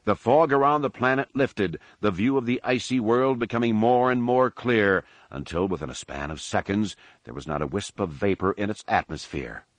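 Low-voiced male narrator reading an action story. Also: dry recording. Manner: measured, dramatic reading. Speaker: audiobook narrator. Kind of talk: scripted narration.

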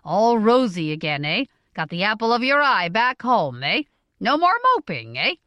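A woman's voice: medium pitch, sing-song, unhurried, a bit bright, no echo. A woman voicing a hearty, blustery merchant in his mid-forties who teases his family, in a dry recording. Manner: blustery, teasing.

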